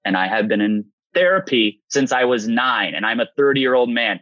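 This interview guest, a man in his 30s, tells an open personal story with animation, playing the parts of the people he quotes. His mid-range voice moves at a moderate pace with hardly any pauses, and the audio is dull with no room sound.

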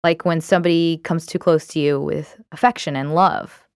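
Low-voiced candid woman host. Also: steady tone, normal speed, vocal fry, smooth, no echo, clean studio sound. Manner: candid, reflective, uses many fillers. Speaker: podcast host. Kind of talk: casual self-help talk.

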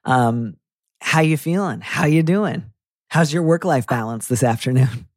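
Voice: mid-range voice, expressive, unhurried, no echo, studio quality. A podcast host giving advice and chatting with a guest in an encouraging, playful way, then reading the show's closing notes.

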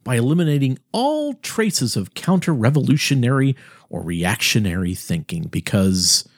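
A man delivering a heated, sarcastic political monologue as host, with sharp emphatic swings in his voice. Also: medium pitch, sing-song, moderate pace, no echo, studio quality.

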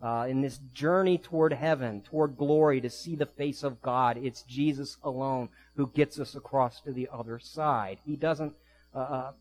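A man preaching a sermon as pastor, telling vivid stories in quick bursts and slowing down to soft, quiet emphasis. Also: medium pitch, slight background noise, low-quality recording.

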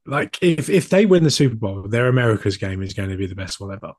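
British guy co-hosting a podcast, lowish voice, dry close mic, chatty and animated. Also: fast, dry recording. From Britain. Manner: animated storyteller, restarts and mimics others. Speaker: podcast co-host. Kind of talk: casual chat.

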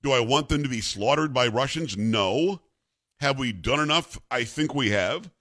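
A man's voice: mid-range voice, expressive, normal speed, fairly bright tone, dry recording, studio quality. A man hosting a radio talk show, opinionated and teasing in a sarcastic way.

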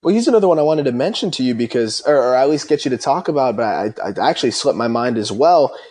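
A man's voice: mid-range voice, expressive, fast, a little mellow. A young man hosting a casual interview, talking eagerly and at length. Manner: eager, talkative. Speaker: host.

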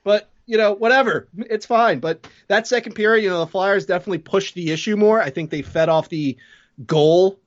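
Male podcast co-host, a bit high, rambling and jokey, dull dry recording. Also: moderate pace, no room sound. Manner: joking, rambling, loose. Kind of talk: casual sports chat.

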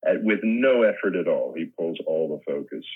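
Very deep, husky older man on a phone line. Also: lively intonation, fairly quick. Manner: rambling anecdotes with laughter and restarts. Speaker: guest actor. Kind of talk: casual interview storytelling.

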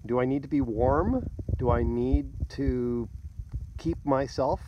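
A man in his fifties musing slowly to himself as a podcast host, recorded on a phone outdoors by a lake. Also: medium pitch, highs cut off, noisy background. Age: 50s. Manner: slow and musing, laughs softly to himself. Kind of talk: reflective solo talk. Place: outdoors by a lake at day's end.

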